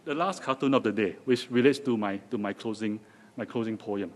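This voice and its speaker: A man's voice, on the low side and a little fast, comes through with a little hiss or hum. As a guest speaker with a Singaporean accent, he gives a chatty, humorous talk before a live lecture-hall audience, with lots of restarts.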